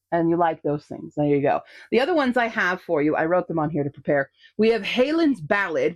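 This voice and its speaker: Woman, book vlogger, casual recommendations to camera, chatty, upbeat, frequent asides. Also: lowish voice.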